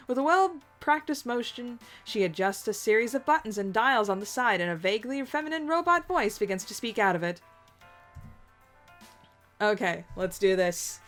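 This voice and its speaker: A woman's voice: mid-range voice, a bit bright. A young woman playing through and reading aloud a visual novel game, chatting and giggling between passages. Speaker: let's play host.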